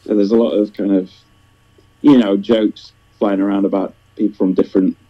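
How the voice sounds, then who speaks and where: A man's voice: on the low side, level tone, normal speed. Chatty Northern English man, lo-fi audio. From northern England. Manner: chatty, rambling, friendly. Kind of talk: casual chat. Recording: dull lo-fi audio.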